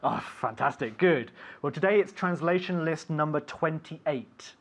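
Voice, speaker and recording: A man teaching an English lesson on the radio, saying words slowly and clearly and having his student repeat them. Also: fairly high pitch, lively intonation. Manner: slow, clear teacher drilling words for repetition.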